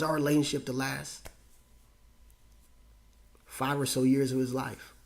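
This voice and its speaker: A man in his forties, a pastor hosting his own show, telling a personal story with feeling and frequent repetitions, his voice jumping high when moved. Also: flat delivery, measured pace, long pauses. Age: 40s. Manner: emotional, repeats himself, voice rises high when moved.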